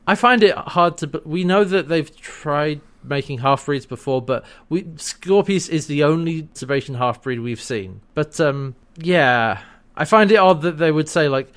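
A man co-hosting a casual podcast, recapping a TV episode in a chatty, relaxed way. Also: on the high side, unhurried, clear, resonant tone. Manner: chatty, relaxed, playfully acts out scenes. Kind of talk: casual chat.

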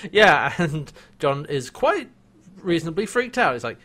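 A man's voice: on the high side, big pitch swings, slow, pushed and bright. Jokey man recapping a show. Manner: jokey, laughs often, retells scenes. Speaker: podcast co-host. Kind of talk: casual episode recap chat.

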